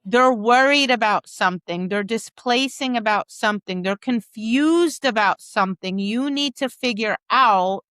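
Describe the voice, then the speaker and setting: A woman co-hosting a dog training podcast, telling stories in a casual, animated way and slipping into quick voices for the people and dogs in them. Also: a little high, clear, resonant tone, no echo.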